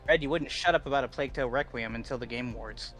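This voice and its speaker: A man co-hosting a gaming podcast, teasing his friends in quick banter. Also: mid-range voice, a bit bright, soft background music. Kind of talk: casual gaming chat.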